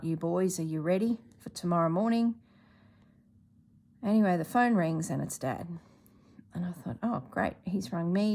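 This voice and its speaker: A middle-aged woman spins a chatty, animated tale in a casual vlog. Her voice sits fairly low, with a gravelly edge. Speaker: embroidery vlogger. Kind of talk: casual storytelling.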